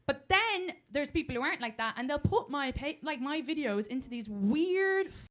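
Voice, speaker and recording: A woman's voice: sits high, lively intonation, normal speed. A young Irish woman doing stand-up crowd work on a club stage, brash and swearing, laughing through her punchlines. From Ireland. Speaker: stand-up comedian. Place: comedy club stage before a live audience. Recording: live club audio with loud crowd and noise.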